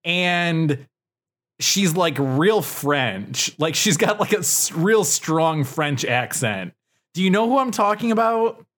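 Lively rambling young man. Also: a little high, slow. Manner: rambling storytelling, many "like" fillers, swears. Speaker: podcast co-host. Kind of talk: casual chat.

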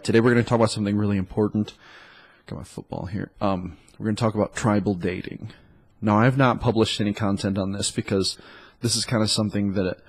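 A man's voice: lowish voice, darkish tone. A man who has a cold, talking as a dating coach in a loose, rambling solo monologue full of likes and ums. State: stuffed up with a cold.

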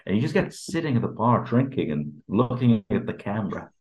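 A man's voice: fairly low pitch, very animated, fairly quick, a little mellow. A man co-hosting a podcast, making dry, wry remarks in casual chat. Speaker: podcast co-host.

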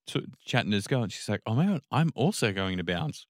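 Man, casual podcast chat, very lively pitch, dry close mic, animated storyteller. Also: a little fast, dry recording. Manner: animated storyteller, acts out quotes. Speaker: podcast co-host.

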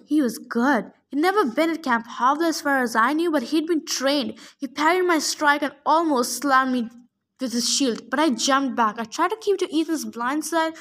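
High-voiced woman reader, steady novel narration, occasional slips. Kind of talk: reading a novel aloud.

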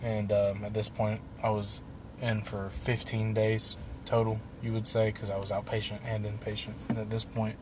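A man's voice: fairly low pitch, completely flat delivery, normal speed, background noise. A young man telling a long personal story in a loose, casual way, swearing and laughing now and then. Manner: loose and profane, laughing through the tale.

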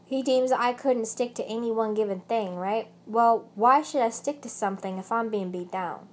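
A woman's voice: fairly high pitch, moderate pace. A young woman with a British accent vlogging about her ex, rambling and swearing heavily, with angry bursts. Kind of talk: emotional personal rant.

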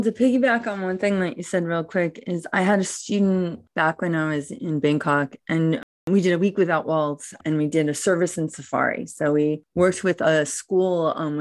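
A woman with a notably low voice tells her point casually, with "like" scattered through her sentences. The recording is dry and close. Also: dry recording. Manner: chatty, peppered with "like". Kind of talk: casual conversation.

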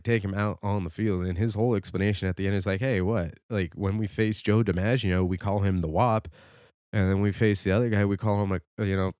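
A man's voice: sits low, darkish tone, no echo, studio quality. A man hosting a podcast, reviewing a film in a rambling, conversational way that gets fired up about the sport. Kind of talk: casual spoken film review.

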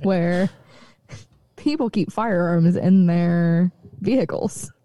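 Chatty, laughing woman with a mellow voice. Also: on the low side, slow, slight background noise. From rural area. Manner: chatty, laughs often, animated. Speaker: podcast co-host. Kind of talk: casual chat.

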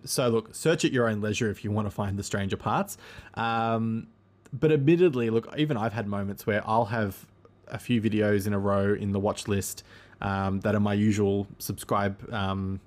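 A man hosting a casual solo podcast monologue, rambling and easygoing, with frequent ums and self-corrections. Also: lowish voice.

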